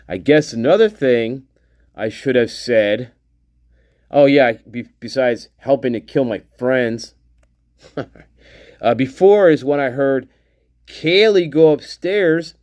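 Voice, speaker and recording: An unhurried man, talking slowly through a casual livestream where he reads testimony aloud. He has a wry, mocking manner and laughs often between lines. His voice sits at an ordinary middle pitch. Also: darkish tone. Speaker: commentator on a true-crime case.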